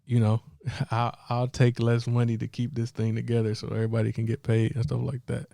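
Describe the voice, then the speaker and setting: Dark gravelly young man chatting. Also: mid-range voice, completely flat delivery, brisk, dry recording, clean studio sound. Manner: loose, laughing, many restarts. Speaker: pastor and podcast co-host. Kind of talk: casual sports chat.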